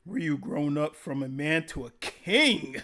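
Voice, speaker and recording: A man's voice: on the high side, expressive, takes it slowly, pushed and bright. A man casually chatting on a live stream, reading chat comments aloud, swearing freely and laughing often as he rambles. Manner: profane, laughs often, rambling game talk.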